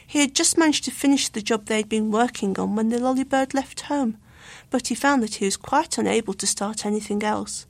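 A woman reading a children's storybook aloud with clear, expressive narration. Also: on the high side, fairly quick, dry recording.

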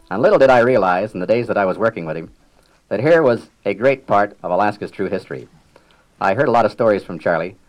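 An older man with a somewhat low voice tells stories from his years as a riverboat captain. He speaks in a measured, unhurried way, with a dry sense of humor. He clears his throat often between his thoughts. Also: rough recording. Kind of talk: reminiscing public talk.

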